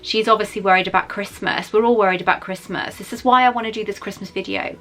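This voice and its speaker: A woman's voice: mid-range voice, fairly even intonation, fast talker, fairly bright tone. A woman in her forties chatting through an unboxing at home, emotional and wandering into asides. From Wales. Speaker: vlogger. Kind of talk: casual unboxing chat.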